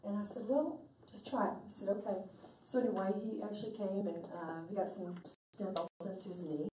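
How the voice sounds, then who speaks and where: A woman's voice: medium pitch, fairly even intonation, a little fast, warm tone, slight background noise. A woman, telling stories in a folksy, chatty way and acting out what people said. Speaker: speaker promoting stem cell treatment. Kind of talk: animated storytelling talk. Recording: roomy sound from a distant mic.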